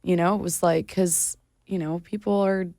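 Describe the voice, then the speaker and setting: A singer in her thirties talks through her story in a loose, meandering way. Her voice sits a little low and has a gravelly edge. The sound is close and dry, with no room around it. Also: steady tone, normal speed, warm tone, no room sound. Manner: meandering, laid-back storytelling. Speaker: singer, interview guest. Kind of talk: casual chat.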